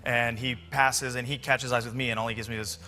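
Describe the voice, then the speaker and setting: A man telling an animated anecdote as a talk show guest. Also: medium pitch, brisk.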